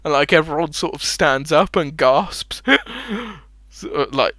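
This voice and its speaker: A man's voice: on the high side, unhurried, no echo. Laid-back male game master, dry sound. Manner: relaxed, laughs often, trails off into fillers. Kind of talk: running a tabletop game.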